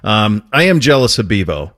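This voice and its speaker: A man's voice: on the low side, sing-song, normal speed, a bit bright. A man hosting a sports radio show, chatting in an easygoing, teasing way with his guest. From Montana. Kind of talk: casual sports talk.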